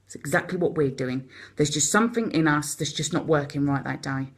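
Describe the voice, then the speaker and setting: A woman with a Cockney accent talks at high speed in a casual live-stream chat. Her voice sits a little low, and she keeps encouraging her viewers. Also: breathy edge. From London. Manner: rapid, chatty and encouraging. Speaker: host of a live support video.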